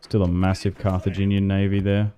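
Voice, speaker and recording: Laid-back Australian man, smooth low voice. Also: completely flat delivery, fairly quick, dark tone. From Tasmania, Australia. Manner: rambling, chatty, greets and answers chat, many "like" fillers. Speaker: gaming livestreamer. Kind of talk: casual livestream commentary while playing.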